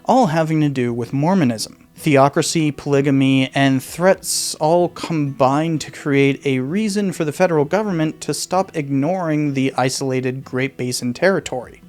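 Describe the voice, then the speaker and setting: A man narrating a scripted history video as the channel's host, in a measured delivery. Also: on the high side, darkish tone.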